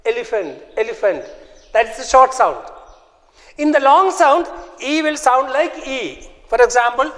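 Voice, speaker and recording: A man teaching a phonics lesson, repeating sounds and example words slowly and with care. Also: very high voice, animated, fairly bright tone, in a large hall. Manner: slow, repetitive, drills words aloud. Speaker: English teacher.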